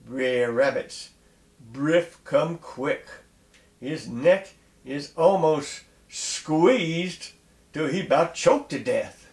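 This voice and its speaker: A man telling a folk tale aloud in a lively dialect style. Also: on the high side, drawn-out words, roomy sound. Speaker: storyteller.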